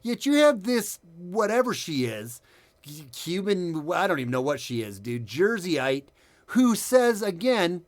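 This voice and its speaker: A man's voice: high-pitched, big pitch swings, unhurried. A man hosting a casual commentary show, rambling sarcastically with frequent restarts and stumbles. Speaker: podcast host.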